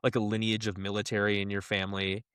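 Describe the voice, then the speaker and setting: A young man co-hosting a podcast in casual chat, animated and laughing as he acts out the people he quotes. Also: fairly low pitch, fast, clear, resonant tone, no echo, studio quality. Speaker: podcast co-host.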